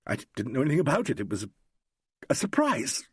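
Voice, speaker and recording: A man reading an audiobook, voicing a distraught young actress in a high, trembling, urgent voice. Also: huge pitch swings, fast talker, breathy edge, no room sound, studio quality, full character voice.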